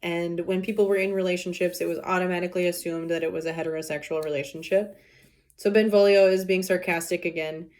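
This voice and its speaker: A woman's voice: fairly low pitch, steady tone, fast talker, darkish tone. A woman teacher reading a play aloud and explaining it casually, with many fillers.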